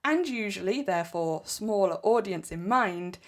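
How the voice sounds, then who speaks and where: A woman's voice: mid-range voice, animated, normal speed. Emphatic English woman podcaster. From England. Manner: direct, emphatic coaching tone. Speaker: podcast host. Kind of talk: solo podcast advice.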